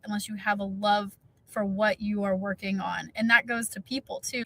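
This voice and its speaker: A woman's voice: medium pitch, a bit bright, low-quality recording. A woman hosting a podcast interview, chatting casually and responding to her guest with encouragement. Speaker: podcast host.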